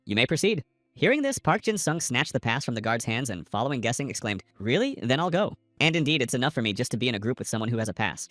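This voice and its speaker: Quick guy reading a manhwa recap, voice bouncing up and down a lot, dry close sound. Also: mid-range voice, a bit bright, no room sound. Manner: reads all characters' lines in a lightly varied narrator voice. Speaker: recap narrator. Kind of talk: scripted story narration.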